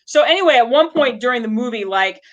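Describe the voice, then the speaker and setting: A woman's voice: a little high, lively intonation, fast talker, highs cut off. A woman co-hosting a casual podcast chat about a movie, talking in a chatty, enthusiastic, rambling way. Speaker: co-host.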